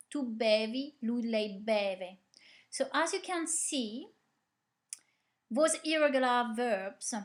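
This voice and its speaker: A female language teacher, calmly reciting verb conjugations and explaining grammar, asking the class questions and praising them. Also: on the high side. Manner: repeats drills patiently, asks the class questions and praises. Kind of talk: slow, clear conjugation drill with explanations.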